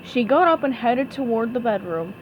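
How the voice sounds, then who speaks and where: A woman reading a children's storybook aloud, her voice high and lively. Her pitch rises and falls expressively, with a faint hiss underneath. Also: normal speed, dull audio. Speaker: storybook reader. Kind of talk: storybook read-aloud narration.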